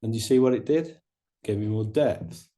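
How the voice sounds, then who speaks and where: A middle-aged man teaching watercolor painting, chatting in a relaxed way and explaining each step as he paints. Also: fairly low pitch, moderate pace. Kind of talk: painting demonstration.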